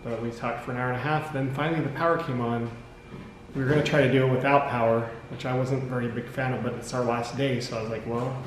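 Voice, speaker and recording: A man's voice: medium pitch, steady tone, quick pace. An American man, a father, telling a story in a wry, rambling way with frequent self-corrections. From United States. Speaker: vlogger, father. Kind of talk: casual storytelling to camera. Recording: echoey room with background noise.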